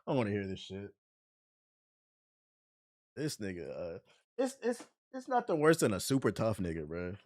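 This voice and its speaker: A man's voice: fairly low pitch, wildly swooping pitch, moderate pace, pauses often, a little mellow, no echo. Guy streamer reacting to tracks, blunt, swears a lot, voice jumps all over, dry close sound. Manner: blunt, incredulous, swears freely. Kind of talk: casual reaction commentary.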